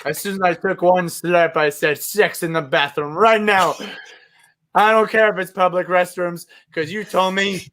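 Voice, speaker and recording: A man's voice: high voice, fairly even intonation, normal speed, a bit bright. A man putting on a swooning fake-European lover. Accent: put-on non-specific European accent. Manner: hammy, breathy, overblown romantic delivery. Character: lovesick male European-ish romancer writing a sexy letter.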